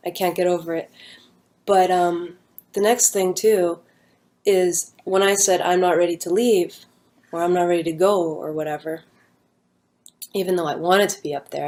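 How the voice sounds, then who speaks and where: A woman's voice: lowish voice, a little mellow. A young woman talking at home, telling a personal story in a rambling casual way with many fillers and restarts. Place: at home with her dog nearby.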